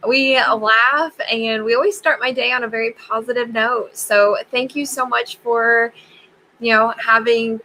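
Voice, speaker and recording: A woman's voice: a little high, steady tone, measured pace, a little hiss or hum, poor audio. A woman chatting as a guest on a writing livestream, laughing easily. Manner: warm, laughing. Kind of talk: casual chat on a writing livestream.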